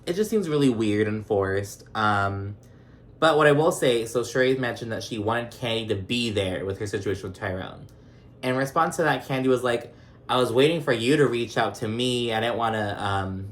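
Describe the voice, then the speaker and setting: A young man hosting a casual reality TV recap vlog. He talks in a chatty, profane way and keeps slipping into mocking voices of the cast. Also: lowish voice.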